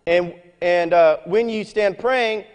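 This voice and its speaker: In a church meeting hall, a high-voiced man delivers a sermon in an animated, folksy manner, breaking off into scripture readings. He speaks slowly and smoothly, and a long reverb rings through the large hall.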